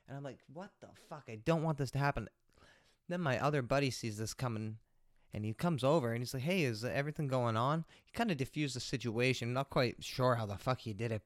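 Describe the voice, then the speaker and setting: In a homemade podcast with clean, echo-free studio sound, a male host with a mid-range voice tells a casual story. He rambles, swears heavily and fills his speech with filler words.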